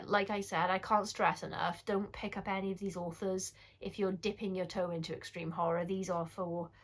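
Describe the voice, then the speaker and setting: Woman, British accent, forties, vlog host, chatty, rambling asides, mid-pitched voice. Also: pushed and bright. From United Kingdom. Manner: chatty and candid, rambling with quick self-corrections and asides. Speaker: horror book reviewer. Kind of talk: casual book-review vlog.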